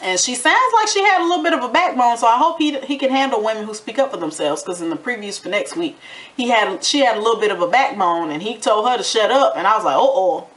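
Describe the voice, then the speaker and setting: A woman's voice: a little high, fast. A woman giving a casual, sassy recap of a reality TV episode, acting out bits of what people said. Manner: animated, sassy commentary with acted-out quotes. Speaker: TV recap vlogger.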